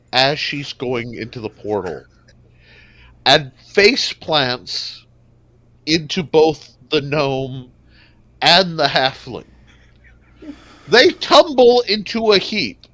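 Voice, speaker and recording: A man's voice: on the high side, very animated, takes it slowly, pauses often, fairly bright tone, no room sound. A man running a tabletop game as game master, narrating in a loose, joking, profane way.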